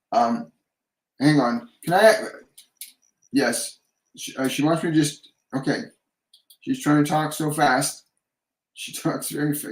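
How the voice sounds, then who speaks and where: A man hosting a live medium Q&A, relaying messages and leading slow guided breathing in a gentle, repetitive way. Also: mid-range voice. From Canada. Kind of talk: live-stream channeling Q&A. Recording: echoey room.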